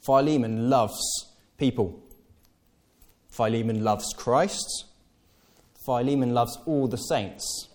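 A preacher delivers a sermon to his congregation in a church hall, his middle-pitched voice mellow and warm, slow, with frequent pauses. He speaks conversationally, correcting himself and slipping in playful, acted-out asides.

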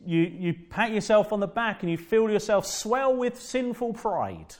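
A man preaching a sermon as pastor, fervent and emphatic, repeating phrases and slowing down to stress key words. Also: high voice, very animated.

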